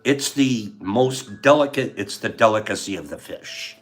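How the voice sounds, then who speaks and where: A man's voice: lowish voice, animated, unhurried, few pauses. An older man hosting a casual livestream, emotional and heartfelt, laughing often as he chats with viewers. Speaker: livestream host.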